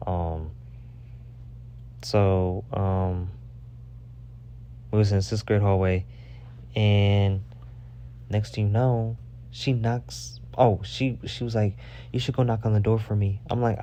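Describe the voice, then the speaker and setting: A young man with a low, mellow voice tells a casual storytime straight to the camera. He is chatty and full of fillers, swears freely, and gets animated and loud when he is riled up. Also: takes it slowly, pauses often, slight background noise. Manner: chatty with filler words and frequent "okay?" asides. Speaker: vlogger telling a story.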